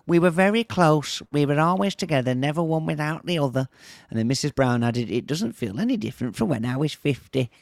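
A man with a Northern English accent, co-hosting a podcast in casual chat, animated and jokey. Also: on the high side, a little fast, vocal fry, few pauses, dry recording, studio quality. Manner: animated, jokey, reads news aloud in bursts. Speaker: podcast co-host.

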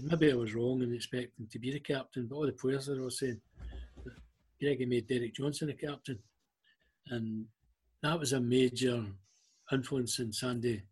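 A Scottish man with a husky, slightly breathy voice speaks at an ordinary middle pitch. He tells personal stories in an unhurried way, often stopping on ums and starting sentences over. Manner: halting, with frequent ums and restarts. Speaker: interview guest. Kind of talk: emotional storytelling interview.

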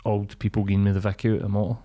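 A man's voice: fairly low pitch, flat delivery, very fast, mellow. A young Scottish man co-hosting a podcast, chipping in with short teasing remarks in casual chat. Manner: teasing, chips in with short jokes. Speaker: podcast co-host.

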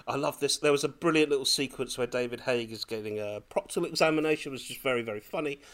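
A man on a podcast telling a lively personal story in casual chat, laughing often as he goes. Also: mid-range voice, quick pace. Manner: animated, laughing, breathless when excited. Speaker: podcast co-host.

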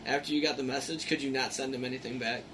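A man's voice: mid-range voice, fairly even intonation, fast talker, fairly bright tone. A man chatting and joking casually with his friends. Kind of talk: casual chat among friends. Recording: distant mic with clear background noise.

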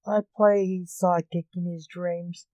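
A woman voicing the Sandman, a gentle male dream spirit who explains things earnestly, in a storybook reading. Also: fairly low pitch, level tone, a little slow, dry recording, dull audio, natural voice.

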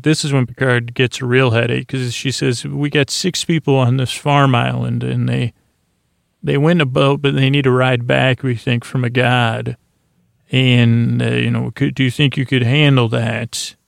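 A man's voice: medium pitch, vocal fry, dry recording, studio quality. A man hosting a podcast, recapping an episode in a meandering, drowsy way, often losing his thread and loosely paraphrasing the dialogue. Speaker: podcast host. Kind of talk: rambling sleep-story recap.

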